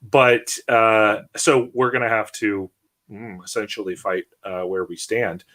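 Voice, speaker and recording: A man's voice: fairly low pitch, fairly even intonation, a little slow, fairly bright tone. A man hosting a casual political discussion, talking bluntly with many fillers and false starts. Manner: rambling, blunt, frequent restarts and fillers. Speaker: podcast host.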